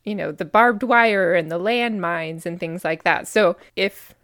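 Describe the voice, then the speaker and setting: A woman's voice: fairly low pitch, unhurried, a bit bright, no room sound, clean studio sound. An American woman co-hosting a podcast, chatting casually about history with many fillers and frequent laughs. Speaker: podcast co-host.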